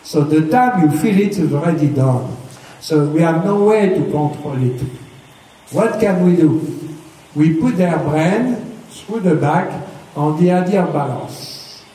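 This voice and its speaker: A man's voice: a little high, lively intonation, a little slow, dark tone. Man teaching riding, echoey and distant. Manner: patient, explains step by step, often checks "okay?". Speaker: riding instructor. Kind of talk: hands-on riding lesson. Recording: echoey, distant mic with faint noise.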